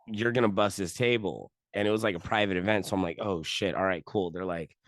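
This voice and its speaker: A man with a lowish voice in a casual podcast chat, recorded close and dry with no room sound. He jokes around, reacts fast and tells stories with a laugh never far off. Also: dry recording. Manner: joking, quick reactions, laughs easily. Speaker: podcast co-host.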